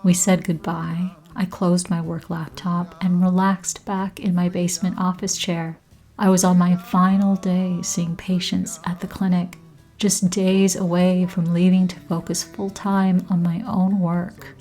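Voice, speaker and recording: Woman podcast host, unhurried intimate narration slipping into whispers, soft music underneath. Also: lowish voice, little pitch movement, low-quality recording. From Canada. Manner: slow, soft and intimate, often dropping to a whisper. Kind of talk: scripted reflective narration.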